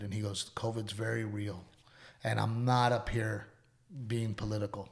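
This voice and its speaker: A man, co-hosting a podcast in casual chat, telling earnest stories and going hushed at heartfelt moments. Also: on the low side, level tone, normal speed, gravelly. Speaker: podcast co-host.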